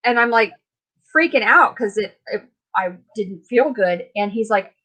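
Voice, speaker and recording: A middle-aged woman hosting a casual live chat, chatty and quick to laugh as she retells what people said to her. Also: fairly high pitch, expressive, bright, forceful tone, low-quality recording. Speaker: host.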